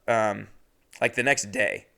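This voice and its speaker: A young adult man, a podcast host, telling a comedic story alone, indignant and swearing, jumping into high exaggerated voices when he quotes people. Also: slow, creaky, sharp tone, smooth.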